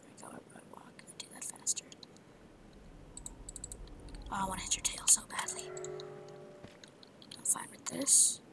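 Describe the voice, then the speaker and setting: A woman's voice: measured pace, pauses often, low-quality recording. A woman narrating her own gameplay, muttering to herself in a half-whisper with frustrated outbursts. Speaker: gamer. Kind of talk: let's play commentary.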